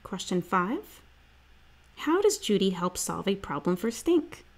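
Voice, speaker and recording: A woman teacher giving a read-aloud for young pupils, pausing to pose questions. She speaks slowly, and her voice has a gravelly fry. Her pitch rises and falls in a lively way.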